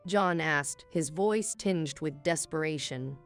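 A woman narrating a scripted first-person story in a calm, cool, measured manner. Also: low-pitched. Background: faint music.

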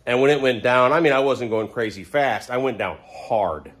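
A man's voice: medium pitch, normal speed, slightly rough. A middle-aged man casually telling a rambling, self-mocking story about a motorcycle crash, perking up when he quotes other people. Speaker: motorcycle vlogger.

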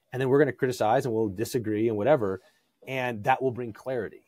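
Animated man discussing theology, dry sound. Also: medium pitch, fast, no echo. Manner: animated, acts out quoted voices, frequent restarts. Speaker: podcast guest.

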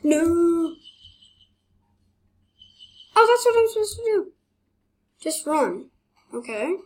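A young woman hosting her gaming channel, giving casual gameplay commentary, excitable, exclaiming and laughing as she plays. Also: very high voice, slow pace.

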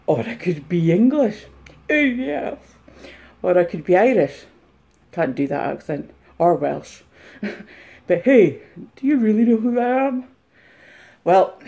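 A woman's voice: fairly high pitch, warm tone. A woman putting on a cheerful, chatty bearded male reseller for a comic vlog skit, recorded on a mobile phone. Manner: chatty, jolly, addresses viewers.

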